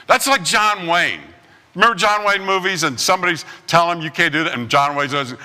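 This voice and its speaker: A man preaching a sermon as pastor, telling stories with acted-out quotes and lively swings in delivery. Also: fairly high pitch, normal speed, in a large hall. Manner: animated storytelling with acted-out quotes. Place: church sanctuary.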